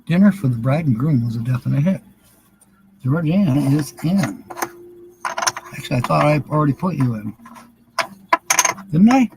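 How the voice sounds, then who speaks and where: A fairly high-pitched older man hosts a livestream word game, chatting casually, reading viewers' names, and chuckling often. Background noise can be heard.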